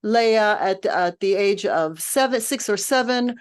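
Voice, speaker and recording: A woman's voice: medium pitch, a little slow, smooth. A woman music director leading a text study, lecturing informally in a thoughtful, patient way while she searches for her words.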